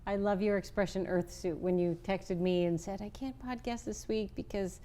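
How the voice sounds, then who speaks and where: A woman co-hosting a podcast, chatting casually and speaking softly and supportively. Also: medium pitch, fairly even intonation, moderate pace. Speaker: podcast co-host. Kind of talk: casual chat.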